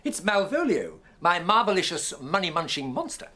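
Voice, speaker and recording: A flustered, word-inventing inventor. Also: male voice, sits high, big pitch swings, normal speed, sharp tone, heavily acted. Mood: proud. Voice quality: fussy, flustered, fond of made-up words. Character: scatterbrained excitable male inventor. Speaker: eccentric inventor. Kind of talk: children's TV acting. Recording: music playing underneath.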